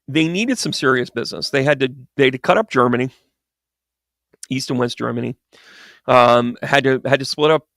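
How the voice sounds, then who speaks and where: Male stream co-host, casual rambling commentary, sarcastic and digressive, gravelly voice. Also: medium pitch, moderate pace, long pauses, fairly bright tone, dry recording, studio quality. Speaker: livestream co-host.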